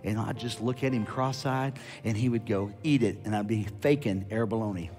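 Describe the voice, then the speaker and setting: A man preaching a sermon as a guest preacher, animated and loud at his peaks, with quick asides to the crowd. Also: lowish voice, faint music behind.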